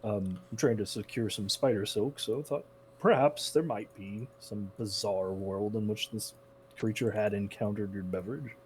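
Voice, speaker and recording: A man's voice: lowish voice, moderate pace, a little mellow, slight background noise. A man playing a tabletop role-playing game, talking in character in a casual, musing way. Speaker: player.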